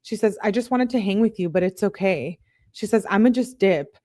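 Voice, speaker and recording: A woman's voice: medium pitch, moderate pace, warm tone, no echo, studio quality. A young woman reading text messages aloud as a true crime commentator, with casual chatty asides.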